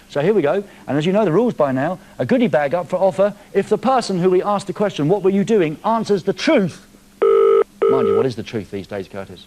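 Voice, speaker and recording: Cheeky TV presenter, lively voice. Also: male voice, a little high, moderate pace, a little hiss or hum. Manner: cheeky, teasing. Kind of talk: live TV banter. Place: TV studio.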